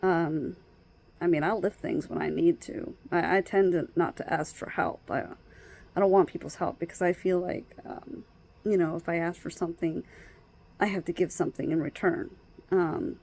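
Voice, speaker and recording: A woman vlogging in casual personal talk, hesitant, with many pauses, fillers and restarts. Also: fairly low pitch, steady tone, creaky, a little mellow. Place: outdoors at night by her door.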